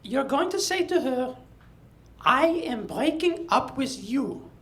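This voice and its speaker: A man impersonating a stern middle-aged woman French teacher with a French accent, slow, clipped and commanding, during a live story. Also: high-pitched, expressive, voice pushed up.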